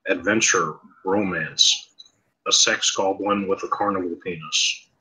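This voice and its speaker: Deep-voiced man player, slow deadpan monotone, very bright sharp tone. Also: poor audio. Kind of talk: casual gaming chat.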